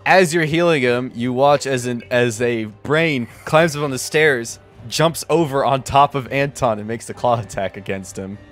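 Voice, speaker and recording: A man runs a tabletop game in an easy, relaxed way, calling rolls and describing what the monsters do. His voice sits at an ordinary pitch, with faint music playing softly behind him. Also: normal speed, few pauses. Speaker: game master.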